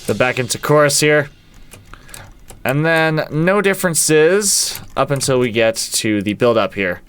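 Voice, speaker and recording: A man's voice: fairly high pitch, expressive, a little slow, a bit bright, smooth, soft background music. A man who is a band's producer and guitarist, casually walking through how a song was made and counting out its beats aloud. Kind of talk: casual walkthrough of a song's production.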